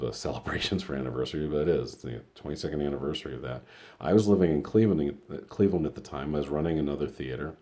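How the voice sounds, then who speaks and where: A man's voice: rumbling low, dark tone. A middle-aged man from Colorado telling a story in a casual, rambling way, full of fillers and blunt, profane asides. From Colorado, USA. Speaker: vlog host.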